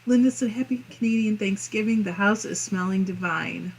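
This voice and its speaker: Midwestern woman host, mid-pitched voice, casual and chatty as she reads viewer comments aloud on a live crafting stream. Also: moderate pace, gravelly, husky, low-quality recording. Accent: Midwestern American. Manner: chatty and friendly, muses aloud with small laughs.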